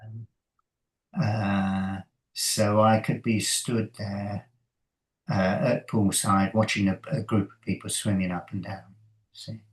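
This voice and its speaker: A man, a coach and interview guest, talking thoughtfully in a halting way with many fillers and soft laughs. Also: on the low side, little pitch movement, low-quality recording. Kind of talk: conversational interview.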